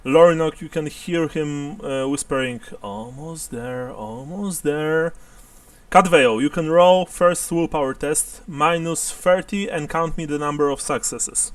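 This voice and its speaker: Higher-pitched man running a tabletop game. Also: steady tone, moderate pace, few pauses, clear, resonant tone, no room sound, distant mic. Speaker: game master.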